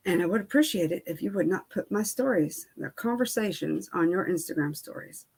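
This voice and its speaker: A woman's voice: fairly low pitch, expressive, brisk, vocal fry, a little mellow, husky. Chatty woman venting in a casual vlog. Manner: candid, venting, lots of fillers and quoted dialogue. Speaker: beauty vlogger. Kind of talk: casual storytime chat.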